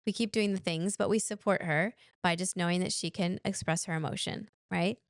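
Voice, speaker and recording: A woman's voice: on the low side, fairly even intonation, fairly quick, no echo, studio quality. A woman in her thirties hosting a parenting podcast, talking in a chatty, rambling way with frequent restarts. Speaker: podcast host. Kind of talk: casual solo talk on parenting.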